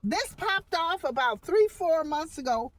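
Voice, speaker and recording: A woman's voice: very high voice, very animated, measured pace, a little hiss or hum. A woman venting in a rambling, heated vlog monologue from inside a small parked truck, recorded on a phone. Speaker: vlogger.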